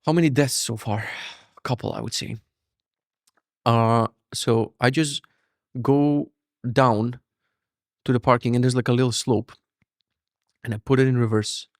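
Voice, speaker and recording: A man's voice: medium pitch, dry recording, clean studio sound. A young man hosting a podcast, telling a story casually, swearing a lot and acting out voices. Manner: swears a lot, animated, acts out voices for laughs. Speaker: podcast host.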